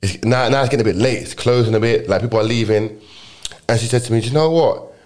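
A man's voice: medium pitch, fast, a little mellow. A young man with a London accent, telling a rambling story in casual chat, full of slang and restarts.

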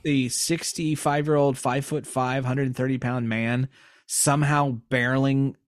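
A man's voice: mid-range voice, little pitch movement, normal speed, no room sound, clean studio sound. A young man co-hosting a podcast, telling a news story with sarcastic jokes and losing his voice. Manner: joking, sarcastic asides. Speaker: podcast co-host. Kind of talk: casual chat, reading a news story.

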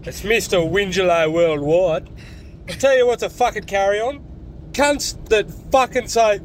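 A man's voice: sits high, moderate pace, slight background noise, low-quality recording. An Australian man leaving a sweary, exasperated ranting voice message from his car.

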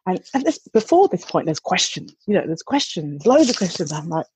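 A woman's voice: lowish voice, sing-song, brisk, a little mellow, a little hiss or hum, low-quality recording. A woman, a mother, telling a candid, chatty anecdote with some swearing and restarts. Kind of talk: casual anecdote.

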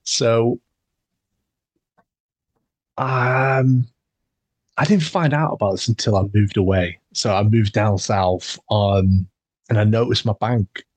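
A man's voice: on the low side, slow pace, pauses often, a little mellow, dry recording. A young man, hosting a podcast and telling a rambling, sweary story with laughs. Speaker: podcast host. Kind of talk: casual storytelling chat.

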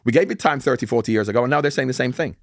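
Brief: man in his 60s, very fast talker, dry close sound, insistent and argumentative. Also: medium pitch, no room sound. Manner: emphatic, interrupts and pushes back. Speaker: guest. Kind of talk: heated debate.

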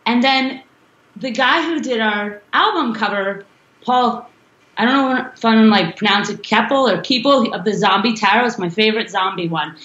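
A woman's voice: fairly high pitch, normal speed, fairly bright tone. A woman rock singer chatting loosely in an interview and laughing often. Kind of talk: casual interview chat. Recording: roomy, dull lo-fi sound.

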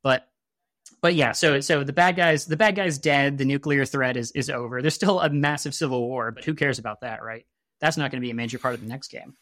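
Man, mid-pitched voice, loose rambling storyteller heavy on fillers, close and dry sound. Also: steady tone, fairly quick, fairly bright tone, no room sound. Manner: laughs at his own jokes. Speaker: podcast guest. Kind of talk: casual chat.

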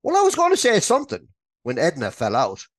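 A man's voice: on the high side, wildly swooping pitch, brisk, no room sound, clean studio sound, pitched above the performer's own voice. A man doing a pleading old man. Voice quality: pleading, wistful. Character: eager old man of seventy-one.

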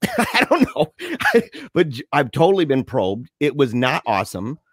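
A man chatting casually on a podcast, telling a story in an animated, slangy way, often laughing and calling his friend dude. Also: mid-range voice, a little slow, breathy edge, dry recording, studio quality.

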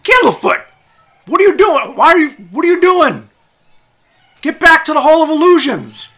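A man voicing a frantic, pot-bellied male clown who yells in a flustered way. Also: high-pitched, sing-song, normal speed, vocal fry, exaggerated voice. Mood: panicked. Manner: loud, flustered, yelling.

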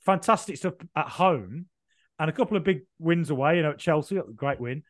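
A man chats through a football podcast, rambling and joking as he tells his stories. His voice sits fairly high, and the recording is close and dry with no room around it. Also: lively intonation, a little fast, no room sound. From Birmingham, England. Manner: rambling, jokey storytelling with frequent fillers. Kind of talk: casual chat.

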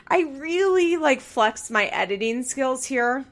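A woman's voice: high-pitched, lively intonation, slow pace, fairly bright tone. A young woman hosting a podcast, recapping a show in heated, profane rants. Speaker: podcast host.

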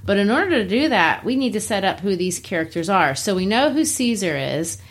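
A woman's voice: mid-range voice, animated, brisk. A woman teaching a literature lesson in a casual way, explaining scenes and paraphrasing lines in plain words.

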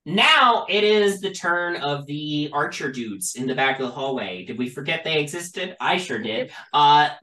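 Slow-talking, easygoing game master, recorded in an echoey room. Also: mid-range voice. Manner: relaxed, chatty, laughs often. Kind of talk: running a tabletop game.

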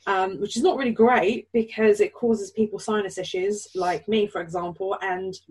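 A woman's voice: mid-range voice, steady tone, normal speed, darkish tone, breathy edge, rough recording. A woman co-hosting a podcast, asking questions and giggling in casual chat. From Poland. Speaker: podcast co-host.

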